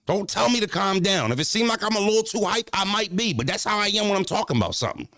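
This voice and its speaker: Animated streamer man, dry close mic. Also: sits high, fast, dry recording. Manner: animated, profane street slang, talks back to chat. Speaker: streamer reacting to chat. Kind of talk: casual livestream talk.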